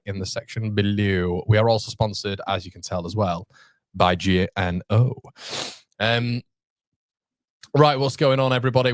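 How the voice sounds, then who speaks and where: A man hosting a live match watchalong, chatty and excitable, talking straight to his viewers. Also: on the low side, dry recording. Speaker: host of a football fan channel.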